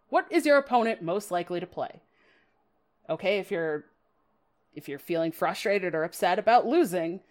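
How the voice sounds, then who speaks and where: In a slightly mellow, mid-range voice, a woman hosts a laid-back podcast on card game strategy. She's talkative and self-mocking, laughing frequently and slipping in dramatic quoted lines.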